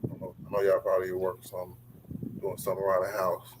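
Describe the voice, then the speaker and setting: A man's voice: low-pitched, monotone, very fast, noisy background. A man hosting a casual sports livestream, talking loosely with slang and calling on guests by name. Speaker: livestream host.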